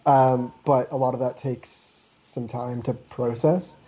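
A man from Canada talking in a casual podcast chat, his voice very dark and mellow. He rambles loosely, leaning on "like" and dropping casual swear words. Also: mid-range voice, steady tone, slow, low-quality recording. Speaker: podcast co-host.

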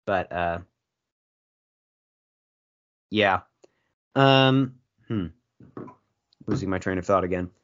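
A man's voice: low voice, takes it slowly, fairly bright tone. A man co-hosting a podcast in casual comedic chat, sarcastic with dry jokes and frequent ums. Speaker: podcast co-host. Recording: dull lo-fi podcast audio.

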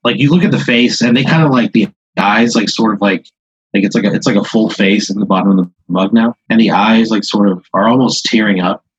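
Casting: low-voiced man spinning a rambling improvised tale, husky tone, dull dry audio. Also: no echo. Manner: rambling, halting, many "like"s. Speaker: improv storyteller. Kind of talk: improvised second-person storytelling.

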